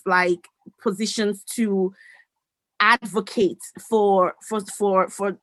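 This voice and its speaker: A woman as an interview guest, telling her story in an animated way, often restarting phrases and acting out bits of dialogue. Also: mid-range voice, dry recording. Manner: animated, acts out quoted dialogue, many restarts. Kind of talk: conversational storytelling.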